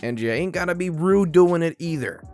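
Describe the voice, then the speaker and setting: Animated man reading reddit stories. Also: on the high side, moderate pace, faint music behind. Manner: animated, sarcastic commentary between stories. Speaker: narrator.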